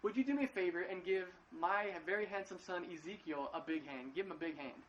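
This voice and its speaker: A male pastor giving a casual sermon from his living room at home, talking in a halting way and often repeating words. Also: high-pitched, fairly bright tone, lo-fi sound, slight background noise. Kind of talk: casual live-streamed sermon.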